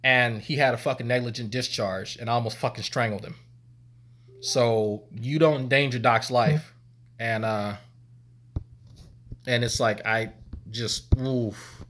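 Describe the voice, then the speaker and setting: A man's voice: mid-range voice, steady tone, unhurried, long pauses, a bit bright. Man, swearing storyteller, rambling, laughs a lot, casual stream chat. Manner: profane, rambling, laughs often. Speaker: streamer telling army stories.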